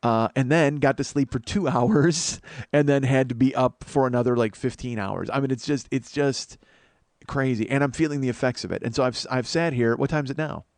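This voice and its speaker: A man's voice: mid-range voice, fairly quick, dry recording. A sleep-deprived man hosting a comedy podcast, rambling in a self-deprecating monologue full of swearing and restarts. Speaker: podcast host.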